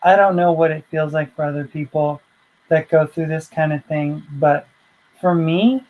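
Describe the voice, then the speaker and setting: A woman's voice: low-pitched, fairly even intonation, normal speed, phone-quality sound. A woman vlogger telling a personal story in a heartfelt, rambling way, full of fillers and restarts.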